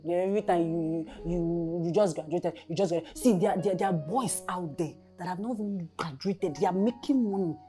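A woman's voice: on the low side, normal speed, few pauses, mellow, soft background music, close to an everyday voice. An actress playing a scornful, money-hungry girlfriend. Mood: scolding. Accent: Nigerian. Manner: scolding, dismissive. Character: scornful young woman, demanding money from her boyfriend. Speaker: girlfriend in a film drama. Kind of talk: Nollywood film acting.

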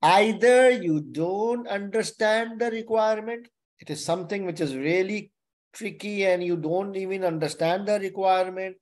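A man's voice: high-pitched, darkish tone. A man tutoring exam candidates in an online webinar lecture. He repeats his key points and keeps checking in with "okay?". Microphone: webinar microphone.

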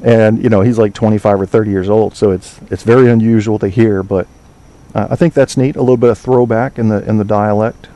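A man's voice: on the low side, fairly even intonation, fairly quick, dark tone. A man hosting an online talk show, chatting casually with listeners, rambling, swearing and trailing off while he hunts for names. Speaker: podcast host.

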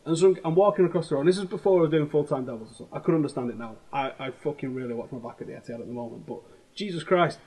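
A man with a Manchester accent tells lively, profane stories at a rapid clip. His voice is slightly husky, and his speech is loose and conversational, full of slang. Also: on the high side, poor audio. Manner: animated storytelling, heavy swearing, slangy. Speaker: host. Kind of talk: casual chat.

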